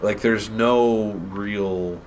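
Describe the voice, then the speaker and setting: A man's voice: on the low side, steady tone, very slow, slight background noise. A man chatting casually while he plays a video game; he is blunt and swears freely. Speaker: co-host playing the game. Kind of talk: casual gaming chat.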